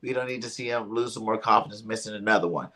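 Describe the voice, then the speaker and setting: A man co-hosts a casual sports podcast. He talks in an animated, slangy way, spinning stories about the game. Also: fairly low pitch, fast, low-quality recording. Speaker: podcast co-host.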